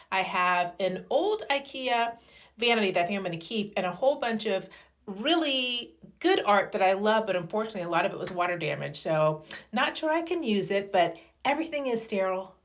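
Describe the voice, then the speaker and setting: A middle-aged woman chatting excitedly in a casual home makeover vlog, recorded indoors at her home. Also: medium pitch, reverberant.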